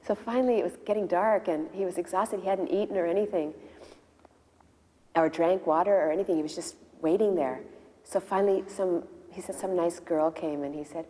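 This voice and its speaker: Woman, low register, warm tone; casual storyteller who voices the quotes in her story. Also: brisk, in a large hall. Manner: storytelling, acts out quoted dialogue. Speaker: disciple sharing memories. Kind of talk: casual spoken reminiscence.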